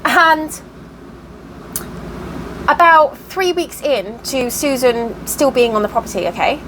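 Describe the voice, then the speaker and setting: Woman, high bright voice, casual vlog rant with faint hiss behind. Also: slow, poor audio. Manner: animated, exasperated, acts out quoted voices. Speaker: cross-stitch vlogger. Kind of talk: casual storytelling monologue.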